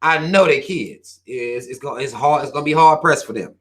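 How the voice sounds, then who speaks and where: A man's voice: medium pitch, a little fast, a bit bright. A man hosting a livestream, reading viewer comments aloud and ranting at them in a profane, preachy way, firing questions at his listeners. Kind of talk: livestream rant.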